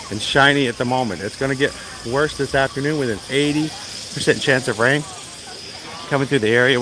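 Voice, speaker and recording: A man's voice: mid-range voice, noisy background. A man hosting a casual livestream outdoors at a theme park, telling a rambling story with fillers and laughs. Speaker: livestream host.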